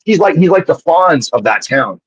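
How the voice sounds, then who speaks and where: A man, a former pro wrestler appearing as a guest, telling animated and profane stories in a casual way, often restarting his sentences. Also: fairly high pitch, moderate pace, breathy edge, dry recording. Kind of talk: casual storytelling on a live show. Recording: dull lo-fi sound.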